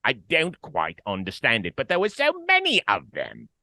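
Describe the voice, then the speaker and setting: A man's voice: medium pitch, huge pitch swings, normal speed, bright, forceful tone, no echo, clean studio sound, heavily acted. A man putting on a bemused Englishman. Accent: put-on London accent. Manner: mock-bemused, exaggerated. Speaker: sports show host.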